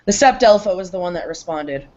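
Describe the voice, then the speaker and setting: A relaxed woman narrating a tabletop game as game master, heard on a dull lo-fi recording. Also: lowish voice, brisk.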